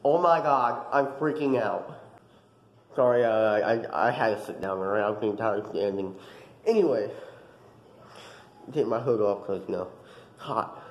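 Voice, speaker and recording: A young man vlogging, telling a dream story in a casual, animated way with lots of fillers. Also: lowish voice, normal speed, long pauses, roomy sound, dull audio. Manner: animated, dramatic retelling with many fillers.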